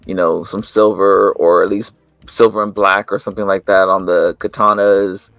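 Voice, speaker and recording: A laid-back man co-hosts a casual chat, often stopping and restarting as he talks. His voice is low and gravelly, recorded dry and close. Faint music sits underneath. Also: little pitch movement, moderate pace, a bit bright, no echo. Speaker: co-host of a toy news show.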